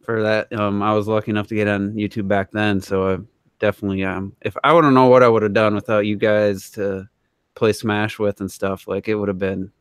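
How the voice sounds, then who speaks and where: A man's voice: on the low side, a little fast, smooth, no room sound. Man, podcast host, casual hesitant chat, resonant voice, close dry recording. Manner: relaxed, hesitant with frequent fillers.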